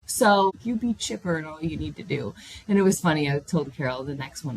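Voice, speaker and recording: A woman tells personal stories on her solo podcast with a husky, slightly low voice. She is animated and candid, jumping up in pitch when she gets excited, and she swears freely. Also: brisk, rough recording. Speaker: podcast host.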